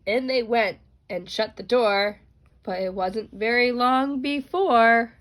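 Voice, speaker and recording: A woman reads a bedtime picture book aloud at a slow, easy pace. Her voice sits a little high, and she is expressive and gentle, adding small asides for the child. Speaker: mother reading to her children. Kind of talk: storybook read-aloud.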